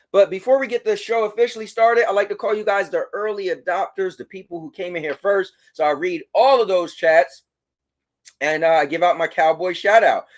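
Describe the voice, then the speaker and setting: A man hosting a casual livestream, reading chat messages aloud and giving shout-outs. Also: high-pitched. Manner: animated, talks to his dog. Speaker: livestream host.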